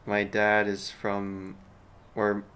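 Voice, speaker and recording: Easygoing low-voiced man hosting a stream. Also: monotone, drawn-out words, pushed and bright, clear, resonant tone. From Miami. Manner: easygoing, reads chat questions aloud. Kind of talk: casual livestream chat.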